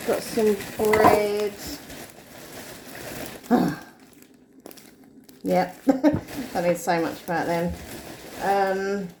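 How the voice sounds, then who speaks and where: A woman's voice: mid-range voice, darkish tone, slight background noise. Chatty woman vlogging. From England. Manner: rambling, chatty, thinking aloud to the camera. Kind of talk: casual day-in-the-life vlog chat. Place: at home, then out and about.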